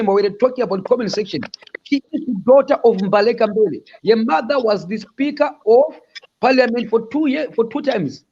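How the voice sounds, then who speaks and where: A high-pitched, raspy man holds forth in a loud, boastful rant, hammering the same slogans again and again. His voice comes through dull and lo-fi, like call audio with the highs cut off. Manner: boisterous, repeats boastful slogans. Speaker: caller.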